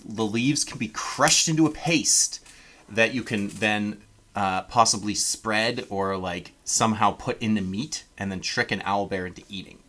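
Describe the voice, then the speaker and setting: Game-mastering a tabletop session, this man from Canada has a sharp, fairly low voice. He wanders through his narration with plenty of ums and chuckles at his own jokes.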